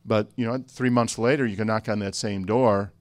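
Pastor guy from chicago on a panel, lowish voice, dry close sound, easygoing storyteller. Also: moderate pace, dry recording. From Chicago area. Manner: relaxed storyteller, joking asides.

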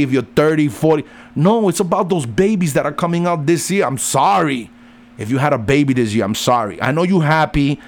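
A middle-aged man, a father, ranting heatedly and swearing constantly, his pitch jumping up and down as he lectures. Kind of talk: profane rant.

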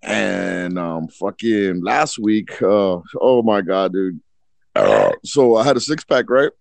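Slow and very animated, a man with a low, creaky voice rambles through a long story as a podcast co-host. He's profane and performs the voices of the characters. There's no room sound on the recording.

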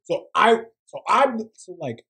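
A podcast co-host telling a story in casual chat, excitable and dramatic, laughing as the story goes. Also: medium pitch, a little slow.

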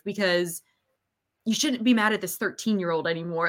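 A woman's voice: mid-range voice, big pitch swings, fairly quick. A woman co-hosting a podcast, chatting casually about a movie and acting out scenes in a playful way. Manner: playful, acts out scenes in quotes. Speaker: podcast co-host. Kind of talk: casual movie recap chat.

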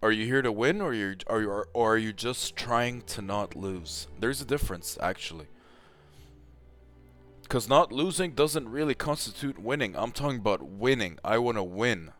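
A man's voice: fairly low pitch, expressive, normal speed, fairly bright tone, faint music behind. A man giving a casual, heated rant with lots of swearing and emphatic repetition, as a tennis commentator.

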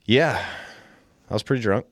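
A man's voice: lowish voice, moderate pace, no room sound, studio quality. A man, a drummer guest on a podcast, talking in easygoing casual chat with casual swearing.

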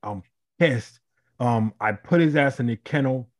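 A married man from Chicago telling a story in a casual podcast chat, animated and profane, acting out the people in it. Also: medium pitch, measured pace. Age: adult, married. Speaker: podcast co-host.

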